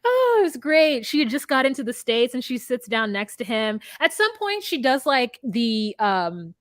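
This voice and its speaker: A woman's voice: on the high side, sing-song, moderate pace, a bit bright, no echo. A woman co-hosting a podcast, recapping a show in casual gossipy chat. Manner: gossipy, mimics people in quotes. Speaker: podcast co-host.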